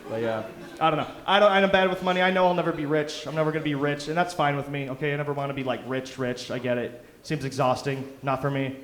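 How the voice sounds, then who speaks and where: Self-mocking young comic on a club stage. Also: male voice, on the high side, fairly even intonation, fast, fairly bright tone, a little hiss or hum. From Detroit. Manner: loose, self-mocking, chuckles through lines. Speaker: stand-up comic. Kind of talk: stand-up set. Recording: roomy club sound.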